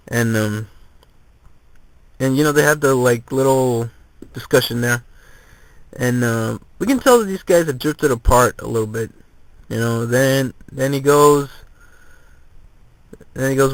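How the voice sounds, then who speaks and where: Guy rambling through a movie plot recap, mid pitch, dead dry room. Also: a bit bright, dry recording, poor audio. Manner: rambling, halting plot retelling. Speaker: movie reviewer. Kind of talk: casual spoken movie review.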